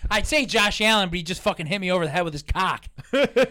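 A young man riffs on sports in casual podcast banter, swearing freely and joking. His voice sits high and swings widely in pitch. The sound is dry and close. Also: quick pace, no room sound. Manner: profane, jokey, animated. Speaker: podcast co-host.

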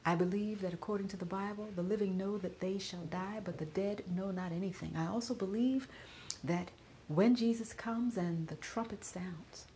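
A middle-aged woman podcaster giving a personal spoken reflection while grieving, often dropping to a soft whisper. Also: medium pitch, fairly even intonation, moderate pace, a little hiss or hum.

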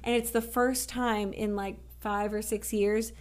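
A woman with an American accent chats on a casual movie podcast in a mid-range voice. She is lively and jokey, and she laughs easily. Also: medium pitch, measured pace. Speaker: podcast co-host. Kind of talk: casual film discussion podcast.

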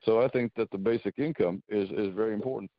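A man, a podcast guest, arguing his point in halting speech that repeats words, on dull lo-fi audio. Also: lowish voice, dry recording. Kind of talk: casual political discussion.

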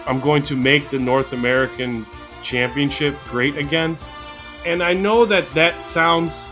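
A man's voice: fairly high pitch, pushed and bright. A man co-hosting a podcast, chatting casually and rambling with frequent restarts. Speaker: podcast co-host. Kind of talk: casual chat.

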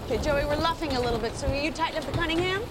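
Actress doing high-voiced young woman, bossy sailing teacher losing patience, loud noise behind. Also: very fast, natural voice. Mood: exasperated. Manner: exasperated, scolding, talks herself into panic. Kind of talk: sitcom acting.

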